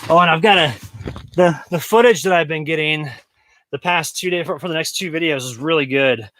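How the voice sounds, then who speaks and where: A man chats on a livestream from his snowy off-grid campsite, wandering between outdoors and his tent. His voice sits a little high and sounds dry and close to the mic. He talks in a loose, rambling way, full of fillers and restarts. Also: brisk, fairly bright tone, no echo. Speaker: vlogger livestreaming off-grid camping. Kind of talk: casual livestream chat. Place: outdoors in snow and inside a large tent.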